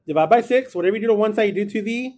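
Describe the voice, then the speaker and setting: A man's voice: high voice, racing, darkish tone. Casual, encouraging male math teacher. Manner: casual, encouraging, talks through steps aloud. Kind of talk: classroom lecture. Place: classroom.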